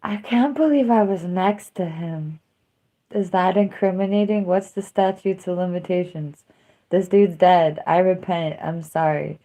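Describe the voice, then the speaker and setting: A woman's voice: on the low side, unhurried, mellow. A woman hosting a livestream, chatting casually and emotionally, rambling and trailing off. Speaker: livestream host.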